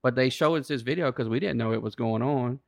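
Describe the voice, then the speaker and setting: A man's voice: mid-range voice, fast, gravelly, dry recording, clean studio sound. A man in his forties, a military veteran, telling stories in casual chat with lots of profanity. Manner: profane, animated storyteller.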